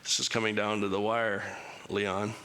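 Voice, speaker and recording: A man's voice: fairly low pitch, level tone, moderate pace, pushed and bright, slight background noise. A man giving an interactive church talk, casual and joking, asking the congregation to raise hands. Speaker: church speaker. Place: chapel. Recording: long chapel reverb.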